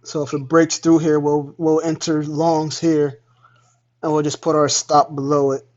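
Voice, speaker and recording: A man's voice: a little high, little pitch movement, measured pace, darkish tone. A man casually explaining trading chart levels as he points them out on screen. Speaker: trading educator. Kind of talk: live screen-share trading walkthrough. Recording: dull lo-fi mic.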